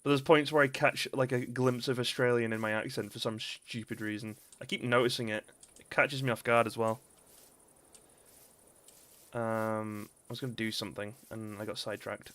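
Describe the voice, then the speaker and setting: A man's voice: mid-range voice, flat delivery, moderate pace, fairly bright tone. A young man with a Northern English accent, rambling and giggling through casual live-stream commentary on a game. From northern England. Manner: giggly, rambling, breaks into laughter.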